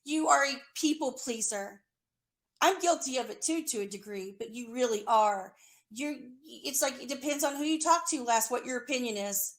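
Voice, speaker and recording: High-voiced woman in an angry rant. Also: animated, moderate pace, fairly bright tone. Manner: accusatory, profane, sarcastic.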